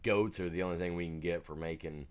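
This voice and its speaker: Deep-voiced laid-back streamer guy. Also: fairly even intonation, quick pace, smooth. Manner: laid-back, rambling, slangy. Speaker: gaming streamer. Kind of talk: casual chat while gaming.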